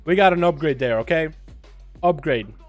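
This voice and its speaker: A man streaming a game, chatting casually to his viewers, profane and excitable with sudden loud outbursts. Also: fairly high pitch, normal speed, soft background music. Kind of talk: casual livestream commentary.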